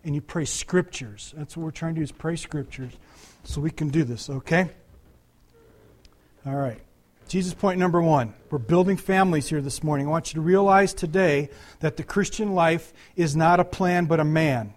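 A man's voice: a little high, moderate pace. An older man preaching a conversational sermon, talking to the congregation with frequent asides and restarts. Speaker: pastor.

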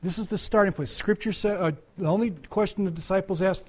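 Older male pastor, higher-pitched voice, chatty sermon delivery, frequent asides. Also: fairly even intonation, brisk. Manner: conversational preaching with frequent restarts and asides.

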